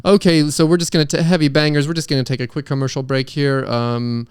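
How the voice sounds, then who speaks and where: A man's voice: on the high side, level tone, fast, smooth, no room sound, clean studio sound. Rambling, hesitant podcast host man. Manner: hesitant, restarts and retakes often. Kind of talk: rambling comedic podcast banter.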